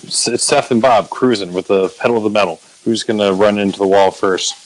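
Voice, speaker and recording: Low-voiced, swearing podcast host. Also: male voice, fairly quick, poor audio. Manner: profane, self-mocking, rambling with restarts. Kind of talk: casual podcast recap.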